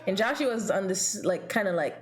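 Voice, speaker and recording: A young woman streamer telling a story in casual chat, animated and blunt, swearing and laughing often. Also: medium pitch, fairly quick.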